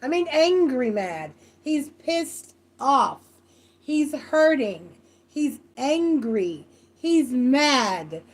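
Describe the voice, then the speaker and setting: A woman's voice: high voice, sing-song, very slow. A woman doing a live tarot reading, blunt, profane and rambling, stressing her points again and again. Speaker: tarot reader.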